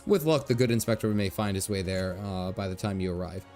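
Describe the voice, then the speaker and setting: A man reading out a sneering, cool-headed game character in a lowered, hushed voice, stumbling over words. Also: faint music behind. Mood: sardonic. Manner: read aloud haltingly with stumbles, low and hushed.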